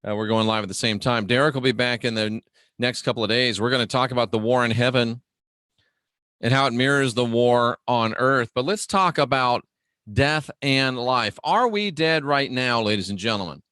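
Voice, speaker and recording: A man's voice: medium pitch, pushed and bright, clear, resonant tone, dry recording, studio quality. Emphatic man teaching scripture on a livestream. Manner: conversational and emphatic, slows and raises voice for key phrases; greets viewers and talks to himself while navigating a website. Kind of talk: casual livestream Bible teaching.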